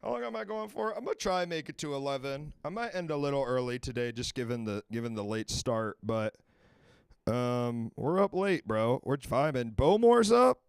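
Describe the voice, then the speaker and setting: Male stream host, casual and rambling, smooth voice in a dry room. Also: medium pitch, animated, normal speed, no room sound. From Washington, D.C. area. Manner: loose, rambling, swears freely. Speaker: livestream advice show host. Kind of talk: casual live-stream chat.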